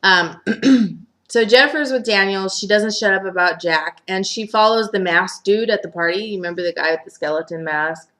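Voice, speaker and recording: A woman's voice: mid-range voice, normal speed, fairly bright tone. A young woman casually recapping a soap opera as host, chatty and full of fillers, sometimes acting out quotes.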